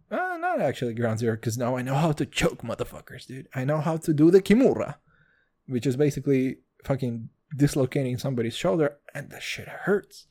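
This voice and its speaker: Animated, profane male podcaster. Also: on the high side, moderate pace. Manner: profane, jokey, self-mocking; animated, swings between loud and quiet. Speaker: podcast host. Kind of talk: rambling solo podcast rant.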